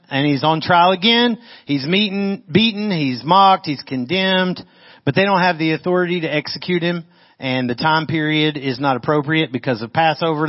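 A man preaching a sermon in a conversational way, often putting questions to his listeners. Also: on the high side. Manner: conversational, asks the audience questions. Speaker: pastor. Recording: dull lo-fi audio.

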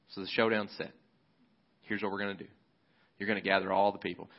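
Male pastor, lowish voice, laid-back sermon retelling, slightly dull recording. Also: little pitch movement, quick pace, long pauses. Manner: casual, conversational storytelling with fillers.

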